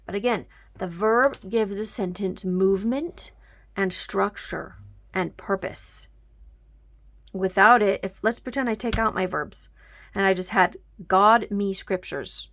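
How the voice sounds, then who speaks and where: Woman teaching grammar, gravelly edge to her voice, patient step-by-step explanations, some words dropped almost to a whisper. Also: medium pitch, a bit bright. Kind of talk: homeschool grammar lesson.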